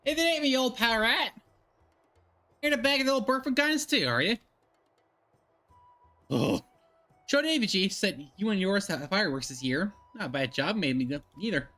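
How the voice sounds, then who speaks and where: Streamer voicing a gruff, hearty older barkeep with a mock drawl and bright, swinging delivery. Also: mid-range voice, animated, normal speed, pauses often, soft background music, pitched above the performer's own voice. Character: gruff older male tavern keeper. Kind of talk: reading game dialogue aloud.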